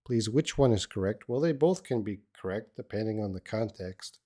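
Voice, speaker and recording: A man's voice: fairly low pitch, lively intonation, normal speed, warm tone. A middle-aged man teaching English on a live stream, answering viewers' questions and thinking aloud with hesitant restarts. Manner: encouraging.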